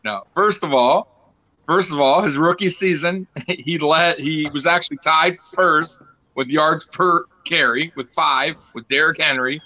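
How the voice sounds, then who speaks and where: Emphatic bright-voiced man arguing sports. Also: fairly high pitch, measured pace, low-quality recording. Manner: emphatic, argumentative. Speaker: former football player guest. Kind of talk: casual sports banter.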